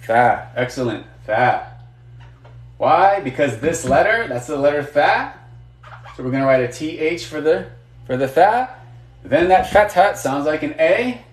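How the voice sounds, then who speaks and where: A man's voice: fairly high pitch, expressive, normal speed, reverberant. A man teaching a live online lesson, patient and encouraging, asking students questions and praising their answers. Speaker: Arabic teacher.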